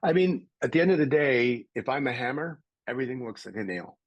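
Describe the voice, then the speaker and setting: As a podcast guest, a middle-aged man from Canada spins conversational stories with energy, imitating the people he quotes. He talks a little fast at a medium pitch. There's no echo, but the high frequencies are cut off.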